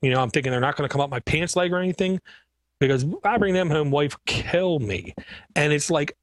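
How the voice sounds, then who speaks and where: Male podcast co-host, tells lively repair-shop stories, fairly high voice, dry close mic. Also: brisk, no room sound. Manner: animated storyteller, acts out customer dialogue. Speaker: computer repair business owner, podcast co-host. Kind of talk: casual podcast chat.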